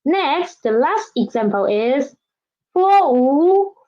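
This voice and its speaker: This Chinese language teacher, a woman, guides a slow classroom vocabulary lesson with read-after-me drills, repeating each word twice in careful, drawn-out pronunciation. Her lilting voice is a little high, expressive, and darkish in tone. The audio is dull and lo-fi.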